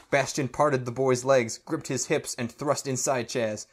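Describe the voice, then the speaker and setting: A man's voice: mid-range voice, steady tone, a little slow, slightly rough. Man stumbling through a comic fanfic reading. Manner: stumbling, breaking into laughter while reading. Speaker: podcast co-host. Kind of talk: comedic dramatic reading of fan fiction.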